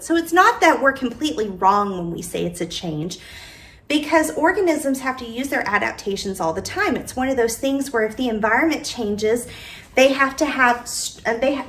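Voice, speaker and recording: A woman teacher giving a recorded lesson, speaking slowly and deliberately and dictating sentences word by word. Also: on the high side, a bit bright.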